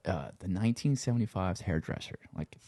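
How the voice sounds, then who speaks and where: A man's voice: low voice, lively intonation, a little fast, dark tone, dry recording, studio quality. A man from Louisiana with a Cajun accent, talking in a laid-back, rambling way and swearing freely in a casual conversation. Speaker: podcast guest.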